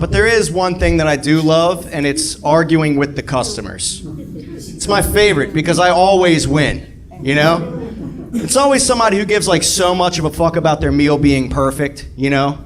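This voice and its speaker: A man doing a stand-up set in a comedy club, deadpan at first and building to a rant. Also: fairly high pitch, moderate pace, background noise. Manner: deadpan, rising to ranting. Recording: live club with crowd. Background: audience crowd.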